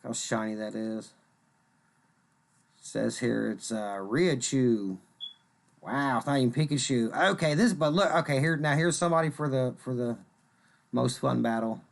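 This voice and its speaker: Speaking at a normal speed in a gravelly, mid-range voice, this man runs a stream selling cards. His talk is loose and rambling, full of jokes, and he calls out viewers by name while holding up cards.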